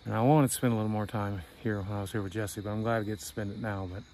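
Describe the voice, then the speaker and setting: A man's voice: on the low side, fairly even intonation, very fast, darkish tone, a little hiss or hum. A middle-aged man vlogging a tour of his hometown, telling candid stories in a wry, conversational way. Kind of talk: casual storytelling. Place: outdoors at night.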